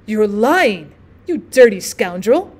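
A furious young woman, indignant and vehement as she defies a cruel officer, read by a woman narrating a classic story. The voice sits somewhat high and sharp with anger. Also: big pitch swings, moderate pace.

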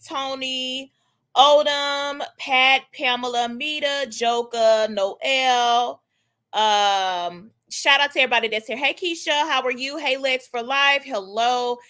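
Young woman livestream host, high bright voice, gossipy and animated. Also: slow pace. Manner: chatty, animated, greets chat viewers by name. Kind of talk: casual gossip chat.

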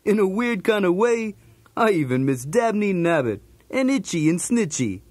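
Cooler, a wisecracking cartoon dog. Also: male voice, high-pitched, sing-song, moderate pace, a little mellow, dry recording, studio quality. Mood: breezy. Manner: jokey, streetwise, punning. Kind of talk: storybook cassette narration.

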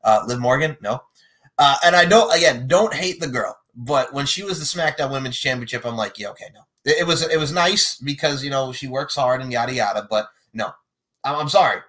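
Animated joking man chatting casually. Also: medium pitch, fairly quick. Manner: animated and joking, with sudden loud bursts. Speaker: podcast host predicting wrestling matches. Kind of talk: casual chat.

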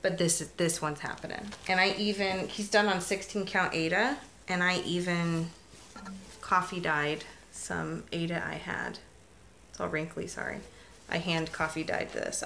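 A middle-aged woman chats on her crafting vlog in a loose, heartfelt way, backing up and restarting as she goes. Her voice sits a little low but has a bright edge. A faint noise floor runs under the camera mic. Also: creaky. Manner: warm storytelling, emotional, chatty with restarts. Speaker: crafting vlogger. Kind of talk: casual vlog chat.

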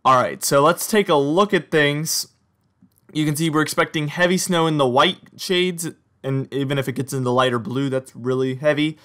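Upbeat young man forecasting snow. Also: normal speed. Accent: slight Southern or Mid-Atlantic American. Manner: upbeat, chatty, talks straight to viewers with lively pitch jumps. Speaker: weather forecaster. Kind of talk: scripted-free weather forecast over radar maps.

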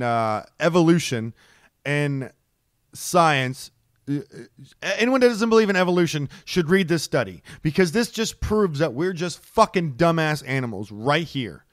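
A man co-hosting a casual comedy podcast who rants excitably and swears a lot. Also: a little high, normal speed, dry recording, studio quality. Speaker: podcast co-host.

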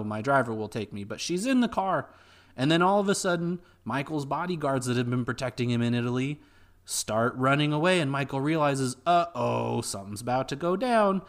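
Man calmly recapping a movie plot. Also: mid-range voice. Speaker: podcast co-host. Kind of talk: casual movie recap chat.

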